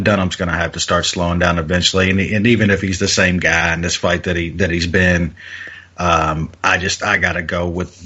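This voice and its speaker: Podcast co-host, bright husky tone, hesitant delivery, lo-fi recording. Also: male voice, deep voice. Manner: halting, many fillers and restarts. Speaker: podcast co-host, fight picker. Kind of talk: casual podcast chat.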